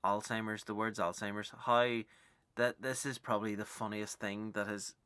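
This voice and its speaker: Rambling Northern Irish comedian, low and dry. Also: male voice, fairly even intonation, moderate pace, sharp tone, clear, resonant tone, no room sound. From Northern Ireland. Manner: self-mocking, swearing, loose and chatty. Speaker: stand-up comedian and podcast host.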